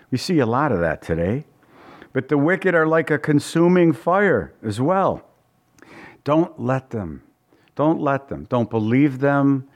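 A man with a medium-pitched voice leads a Bible-study sermon in a chatty, folksy style. Repeated words come up often, and he keeps asking the people listening questions.

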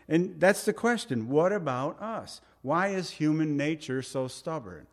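A middle-aged man preaching a sermon as pastor, earnest and conversational, asking rhetorical questions and pleading with light humor. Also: fairly high pitch.

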